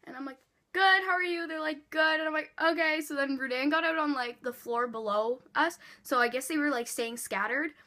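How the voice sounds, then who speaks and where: A woman vlogger telling a storytime in an animated way, swearing freely and acting out quotes. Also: sits high, fairly quick, hardly any pauses. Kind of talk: storytime vlog.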